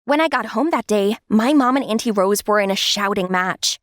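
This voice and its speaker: A young woman narrating an animated story in the first person, with a lively, expressive delivery. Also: medium pitch, moderate pace, hardly any pauses, no echo, studio quality.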